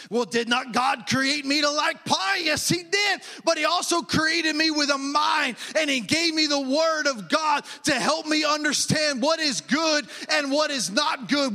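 A man's voice: extremely high pitch, measured pace, few pauses, pushed and bright. A man preaching a sermon, emphatic and often raising his voice, repeating phrases for stress.

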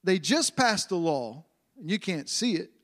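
Male preacher, high voice, emphatic and repetitive, pace swings between rushed and drawn out. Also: sing-song. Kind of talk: sermon.

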